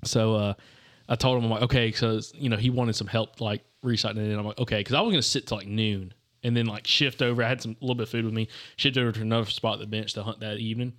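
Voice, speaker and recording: A man's voice: fairly low pitch, steady tone, fast talker, a bit bright. A man telling a hunting story in casual podcast chat, rambling with plenty of fillers. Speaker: podcast co-host.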